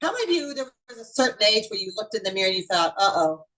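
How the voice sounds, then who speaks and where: A woman in her sixties hosts an online beauty event in a chatty, upbeat way. She talks straight to her viewers, with a voice of middling pitch. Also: sing-song, very fast, sharp tone, low-quality recording. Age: 60s. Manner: chatty, upbeat, addresses the audience directly. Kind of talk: casual online presentation.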